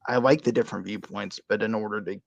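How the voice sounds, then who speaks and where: A man in a casual podcast chat, making his points in a measured, reflective way. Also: fairly low pitch, fairly even intonation, vocal fry, no echo, highs cut off. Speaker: caller.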